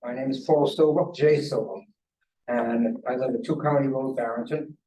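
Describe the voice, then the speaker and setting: An older man giving rambling public comment at a hearing, full of anecdotes and halting restarts. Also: mid-range voice, fairly even intonation, dark tone, recorded from a distance, slight background noise, poor audio. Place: government conference room.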